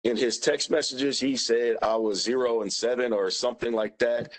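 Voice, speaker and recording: A man's voice: medium pitch, steady tone, normal speed, low-quality recording. A man testifying as a witness, plain-spoken and emphatic, repeating his points. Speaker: witness, former union president. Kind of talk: testimony under questioning.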